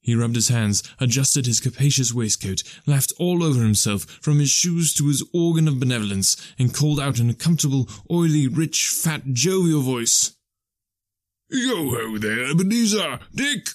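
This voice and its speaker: A man narrating a classic storybook in a measured, even reading. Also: medium pitch, no room sound, clean studio sound. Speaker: audiobook narrator.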